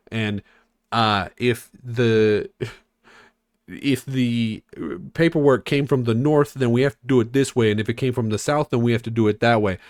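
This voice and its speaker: Man, podcast co-host, casual, rambling, profane, sarcastic, mid-pitched, dry recording. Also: no room sound. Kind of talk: casual rewatch podcast chat.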